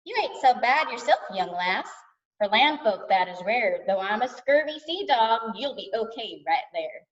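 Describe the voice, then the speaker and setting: A woman voicing a young pirate boy who talks in a rough pirate way, for a storybook reading. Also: fairly high pitch, expressive, a little slow. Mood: friendly. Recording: distant dull lo-fi sound.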